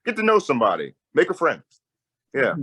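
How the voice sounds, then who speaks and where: A young man, a peace campaigner, telling a story in a lively conversational way. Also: fairly high pitch, a little fast, slightly rough, poor audio. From Tacoma, Washington. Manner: animated storyteller, voice jumps up when excited.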